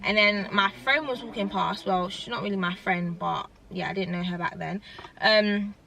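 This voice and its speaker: Bright-voiced young woman vlogging. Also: mid-range voice, moderate pace, gravelly. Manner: animated, rambling, heavy use of "like". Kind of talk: casual storytime chat.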